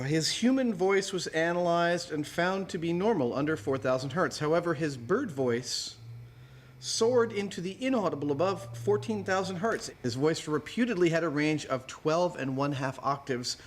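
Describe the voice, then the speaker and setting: A man's voice: fairly high pitch, lively intonation, moderate pace, a little hiss or hum. A man hosting a TV science show, explaining an experiment in a chatty, enthusiastic way. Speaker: host.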